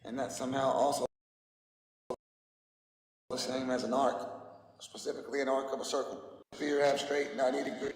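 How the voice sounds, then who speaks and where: A man's voice: medium pitch, fairly even intonation, normal speed, long pauses, echoey room, big-room sound, a little hiss or hum, rough recording. A man giving a combative, mocking livestream rant, his voice worn out. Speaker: flat earth streamer. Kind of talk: ranting livestream monologue.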